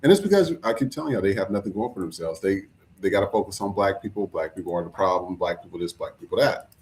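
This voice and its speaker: A man's voice: low-pitched, fast, a little hiss or hum. A man hosting a podcast, talking casually with fillers as he sets up the next segment. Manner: relaxed, fillers, introduces segments. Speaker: podcast host.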